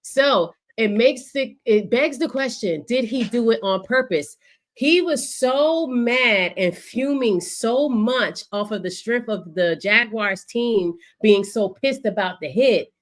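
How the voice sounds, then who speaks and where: A woman co-hosting a sports podcast in casual chat, animated and profane, acting out what players said. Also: on the high side, slow pace. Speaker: podcast co-host.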